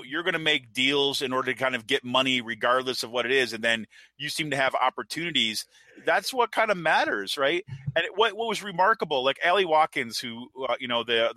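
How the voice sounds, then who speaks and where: A man's voice: mid-range voice, bright, forceful tone, no room sound. A man hosting a casual political chat, rambling and laughing as he talks. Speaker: podcast host.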